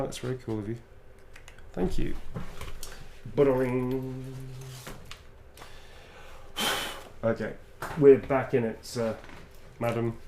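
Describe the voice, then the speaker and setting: A man's voice: mid-range voice, a little mellow, slight background noise. A man signing autographs on a livestream, chatting playfully and putting on sultry readings of quoted lines. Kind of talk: casual livestream chat.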